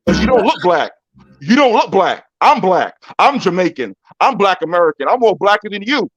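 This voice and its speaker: A man's voice: sits high, very animated, moderate pace, slightly rough. A man calling in to a live chat show, arguing in heated casual banter; he boasts, repeats himself and stammers over his words. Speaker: caller. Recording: dull lo-fi call audio.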